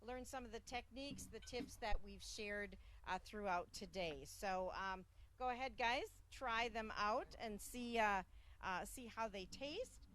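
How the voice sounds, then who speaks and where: Woman, cooking-show host, mid-pitched, upbeat and chatty with lots of ums. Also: unhurried, fairly bright tone, slight background noise. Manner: chatty, filler-heavy, upbeat promotional. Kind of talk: live cooking show hosting.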